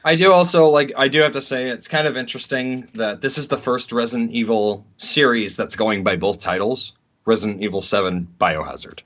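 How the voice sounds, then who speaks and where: A man's voice: mid-range voice, a little fast. Crude, rambling male podcast co-host. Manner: rambling, crude, animated ranting. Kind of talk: casual gaming chat. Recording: dull lo-fi recording.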